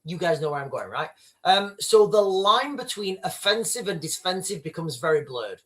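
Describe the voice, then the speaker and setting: Emphatic British livestream host. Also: male voice, high-pitched, lively intonation, normal speed, a bit bright. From Britain. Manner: emphatic, repetitive, addresses chat directly. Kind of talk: opinionated livestream commentary.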